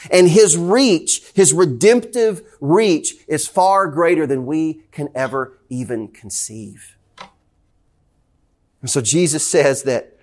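A man with a Southern US accent, a pastor preaching a sermon in a church, talking conversationally and repeating questions to the congregation. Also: a little high. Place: church sanctuary.

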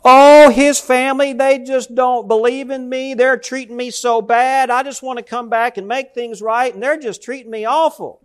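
A man's voice: very high voice, fairly even intonation, moderate pace, hardly any pauses, clean tone, pitched above the performer's own voice. A man voicing a tearful, self-pitying young woman who wails her complaints. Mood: whining tearful. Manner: wailing, complaining.

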